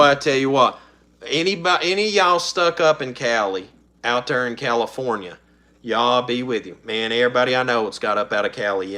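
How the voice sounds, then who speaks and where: A middle-aged man with a drawl talks loosely and casually to his viewers. His voice is bright and a little forceful, and he rambles with folksy asides and chuckles. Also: mid-range voice. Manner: rambling, folksy, laughs often. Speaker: channel host. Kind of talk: casual live-stream chat.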